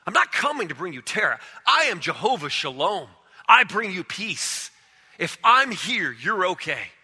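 A man's voice: sits high, sing-song, moderate pace, pushed and bright, husky, in a large hall, heavily acted. A man voicing a male angel messenger who speaks emphatically and insistently. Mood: reassuring. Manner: emphatic, reassuring. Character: exasperated then gentle male angel messenger.

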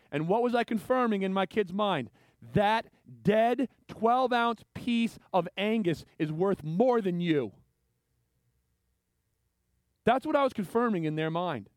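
A man's voice: high-pitched, no room sound. A male pastor preaching a sermon, telling stories animatedly and acting out the voices of the people in them.

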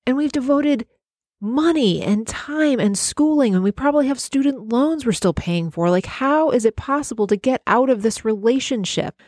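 A woman's voice: fairly high pitch, animated, moderate pace, a little mellow, no room sound, studio quality. A woman who works in healthcare, hosting a solo podcast in an emphatic, heartfelt, conversational way. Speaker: podcast host and healthcare worker.

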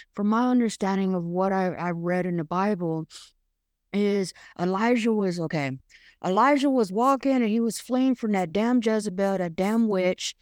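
Chatty woman doing a faith podcast, mid-pitch, super dry sound, just talking it out. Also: darkish tone, no echo. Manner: frank, chatty, swears casually, many fillers. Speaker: podcast host. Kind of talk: casual devotional podcast monologue.

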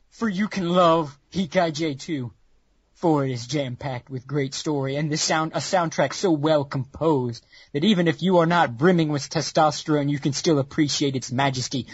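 Loud, husky male ranter; sweary mock-epic delivery on a lo-fi mic, dry sound. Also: on the high side, dry recording. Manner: wild swings from shouting to hushed mock-solemn tones. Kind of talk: profane over-the-top comedic rant. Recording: dull lo-fi recording.

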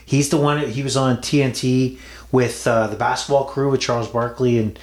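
A man's voice: mid-range voice, fairly even intonation, moderate pace, reverberant. A man hosting a casual sports betting podcast, playful and teasing, often repeating himself. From Toronto area, Canada. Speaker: podcast host.

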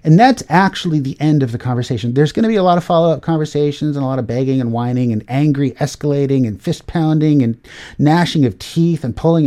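A man's voice: mid-range voice, warm tone. A middle-aged man hosting a casual tech talk show, rambling with many fillers and restarts. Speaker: podcast host.

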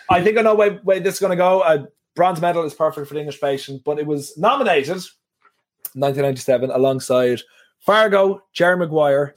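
A man hosting a film podcast, chatting casually and rambling with lots of fillers. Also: a little high. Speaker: podcast host. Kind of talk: casual film review chat.

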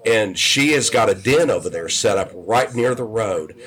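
A man's voice: on the low side, animated, normal speed, a bit bright. A man in his fifties, a podcast guest telling long casual stories with frequent restarts and self-corrections. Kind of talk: casual storytelling.

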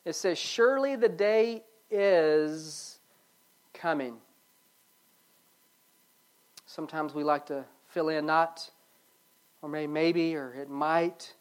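A pastor giving a sermon, swinging between loud pleading and soft low passages and repeating phrases for emphasis. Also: fairly even intonation, takes it slowly, pauses often, clear, resonant tone.

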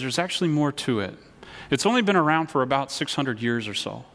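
A man preaching a sermon as pastor, earnest, often repeating words and leading his listeners in call-and-response. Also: fairly high pitch. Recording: long hall reverb.

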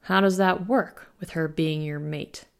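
A woman voicing an older male werewolf alpha with a gruff, stern manner. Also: low voice, fairly even intonation, a little slow. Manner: suspicious, stern.

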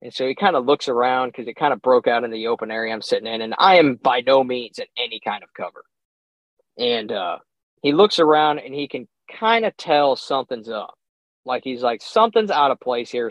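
A young man, a podcast guest, telling a hunting story in a casual, animated way, acting out his own reactions and chuckling often. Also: medium pitch, no room sound. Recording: slightly dull, dry sound.

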